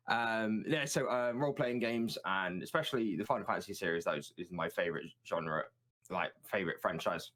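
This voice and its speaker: Guy, 30s, lowish voice, rambly and jokey, stumbles over words a lot. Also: normal speed, fairly bright tone. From southern England. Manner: chatty, self-mocking, repeats words. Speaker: guest streamer. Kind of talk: casual chat on a live stream. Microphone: remote call.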